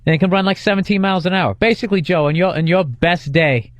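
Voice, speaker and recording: A man's voice: high voice, fast, no echo. A man co-hosting a radio show in casual comedic chat, ranting bluntly and swearing freely into a studio microphone.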